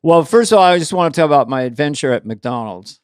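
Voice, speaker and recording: A man co-hosts a loose comedy conversation, his voice sitting a little higher than most. He tells animated stories and keeps breaking into goofy voices. The sound is dry and close. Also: fast talker, smooth, dry recording. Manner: animated storyteller, bursts into voices. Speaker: co-host. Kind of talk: casual comedic chat.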